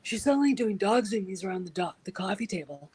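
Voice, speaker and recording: A woman chatting casually as a guest, an animated storyteller who drops into soft whispers. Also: medium pitch, fast talker, husky, no room sound, poor audio. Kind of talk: casual chat.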